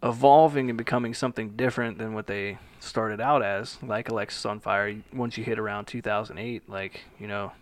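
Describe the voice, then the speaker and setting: A man's voice: fairly low pitch, fairly even intonation, a little fast, few pauses. A young man co-hosting a podcast, telling loose stories full of swearing and quoted voices in casual chat. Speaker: podcast co-host.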